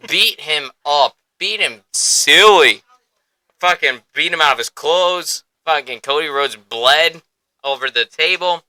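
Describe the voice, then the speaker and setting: Excitable man with a bright, crisp voice. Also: medium pitch, normal speed, no room sound, poor audio. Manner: excitable, profane, laughs often. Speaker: podcast host. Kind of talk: casual podcast chat.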